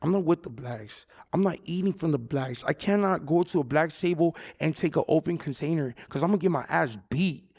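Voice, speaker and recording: A man's voice: a little high, a little fast, creaky, few pauses, darkish tone. A man from the Los Angeles area talking casually in an interview, full of street slang and "you know what I'm saying".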